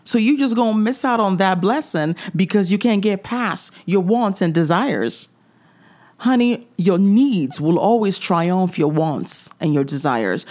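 A woman's voice: medium pitch, darkish tone. A middle-aged woman hosting a faith-based podcast, talking in a direct, preachy way with chuckling asides. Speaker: podcast host.

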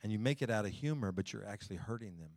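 Animated man preaching with dry sound. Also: lowish voice, rapid-fire, dry recording. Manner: folksy, talks to the congregation directly. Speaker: pastor. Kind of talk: sermon.

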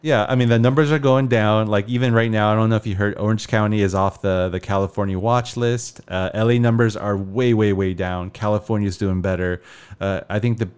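A man hosting a casual movie podcast, upbeat and running through show announcements briskly. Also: lowish voice, fairly even intonation, darkish tone, clear, resonant tone. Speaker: podcast host.

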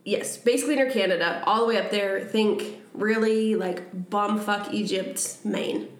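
A woman's voice: medium pitch, measured pace. A young woman co-hosting a podcast, telling a story in a rambling, chatty way and laughing often. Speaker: podcast co-host. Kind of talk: casual storytelling chat. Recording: echoey room.

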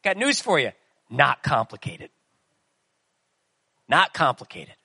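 A man's voice: medium pitch, huge pitch swings, slow pace, vocal fry, pushed and bright, breathy edge, no room sound. A man preaching a sermon in a conversational way, asking the listeners questions as he goes. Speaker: pastor.

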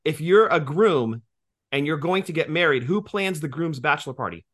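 A man's voice: a little high, animated, normal speed, a bit bright. A man in his forties co-hosting a podcast, joking and profane in casual banter, explaining things at length. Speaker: podcast co-host.

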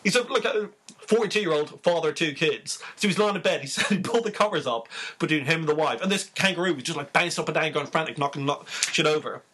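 A man co-hosting a podcast, telling funny news stories in a casual, animated way, laughing as he goes. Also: a little high, fast, few pauses, breathy edge. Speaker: podcast co-host. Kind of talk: casual storytelling chat.

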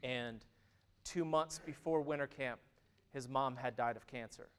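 A man in his thirties preaching a sermon, who moves from loud, emphatic stretches to hushed, intimate ones. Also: mid-range voice, a little slow, smooth. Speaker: pastor.

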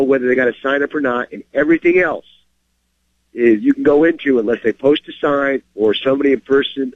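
A man's voice: medium pitch, no room sound, highs cut off. A man hosting a firearms segment, explaining carry rules in a plain, emphatic way and reading short stories aloud with his own comments. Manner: plain-spoken, emphatic, checks in with "okay?". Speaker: firearms instructor and show host. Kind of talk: instructional talk and story reading.

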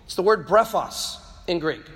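Male speaker, high voice, fervent preaching delivery, stammering repeats for emphasis, long hall echo; addressing students. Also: lively intonation, moderate pace, fairly bright tone. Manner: impassioned, repeats words when stressing a point. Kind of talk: preaching-style talk to a live audience.

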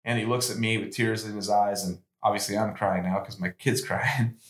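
A man's voice: fairly low pitch, fairly even intonation, normal speed. A middle-aged man who hosts a podcast and coaches youth football, telling his own story in an earnest, emotional way, with many restarts and rising bursts of emphasis. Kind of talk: personal storytelling monologue. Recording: echoey room.

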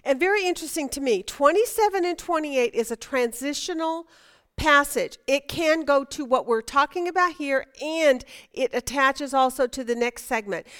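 A woman's voice: high-pitched, fairly bright tone. A woman teaching a Bible study class, chatty and emphatic, asking her students questions.

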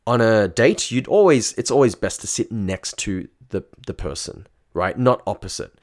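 A man's voice: on the low side, expressive, moderate pace. A young man telling a personal story in a loose, chatty, profane way. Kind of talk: casual storytelling.

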